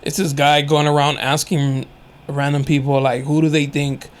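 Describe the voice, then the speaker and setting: Host, male, young adult, slightly higher-pitched voice, lively storyteller who does quoted voices. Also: moderate pace. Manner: animated storyteller, acts out quoted voices, laughs often. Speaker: podcast host. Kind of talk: casual chat.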